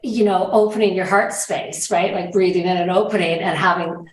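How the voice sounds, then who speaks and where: Woman host thinking out loud, lots of restarts, sounds like she's in an echoey room. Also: lowish voice, fairly even intonation, normal speed. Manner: reflective, hesitant, many restarts. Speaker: host, interviewer. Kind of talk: conversational interview.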